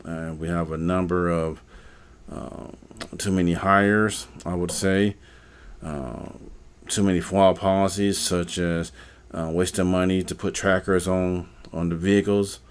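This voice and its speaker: A man's voice: low voice, steady tone, unhurried. A man hosting a live stream, talking casually and rambling, with many fillers and repeated words. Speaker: live stream host, postal worker.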